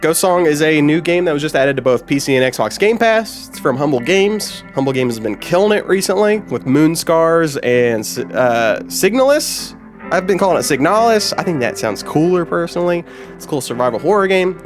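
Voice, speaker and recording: A man with a nasal, stuffed-up voice from a sinus infection, reviewing a game in casual, joking commentary that rambles and corrects itself. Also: on the high side. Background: game soundtrack music.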